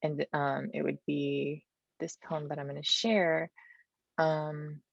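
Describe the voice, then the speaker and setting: A woman with a raspy voice, a poet and activist answering interview questions and reading her poetry over a video call, feeling for her words with frequent ums and restarts. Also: sits low, little pitch movement, slow, no echo. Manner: thoughtful, searching for words, many ums and restarts. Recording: dull, dry video-call audio.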